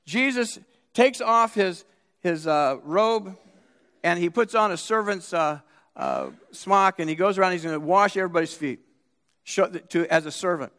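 Guy preaching a sermon, pretty high voice, acts out the quotes, lots of restarts, echoey church. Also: very animated, moderate pace, a bit bright. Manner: emphatic, storytelling with acted-out quotes and restarts. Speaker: pastor. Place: church sanctuary.

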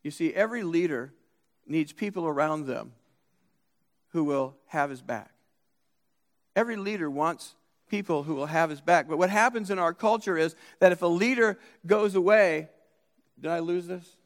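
High-voiced man preaching in a hall. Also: moderate pace, pauses often. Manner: emphatic, storytelling with acted-out quotes and restarts. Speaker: pastor. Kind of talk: sermon. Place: church sanctuary.

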